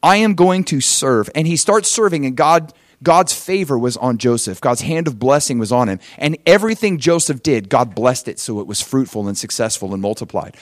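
A man preaching a sermon, telling a story in an animated way and acting out the quotes. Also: mid-range voice, a little fast, hardly any pauses, no echo, clean studio sound. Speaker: pastor.

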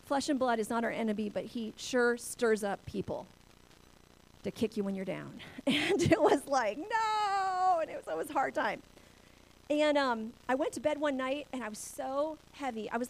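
A woman's voice: a little high, creaky, poor audio. A middle-aged woman from a church-planting family sharing a personal testimony, telling it with emotion and laughing through the hard parts.

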